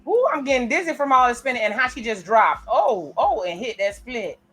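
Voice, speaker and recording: A woman's voice: on the high side, lively intonation, a little fast, fairly bright tone, soft background music. A woman giving chatty, casual reaction commentary on a TV episode as she watches it. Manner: chatty, reacts aloud while narrating scenes. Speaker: reaction video host.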